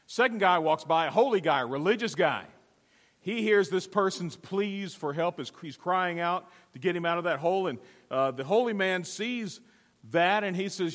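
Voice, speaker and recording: A male pastor preaches in a church, telling a story emphatically and calling for amens. His voice sits a little high, and a long hall reverb trails every phrase. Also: expressive, normal speed, a bit bright. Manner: storytelling, emphatic, call-and-response. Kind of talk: sermon. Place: church sanctuary.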